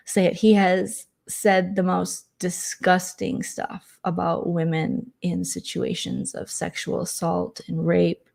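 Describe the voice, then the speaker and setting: A woman's voice: on the low side, gravelly, darkish tone. A woman hosting a casual late-night chat vlog, telling stories with exasperated sarcasm and mocking voices. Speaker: vlogger host.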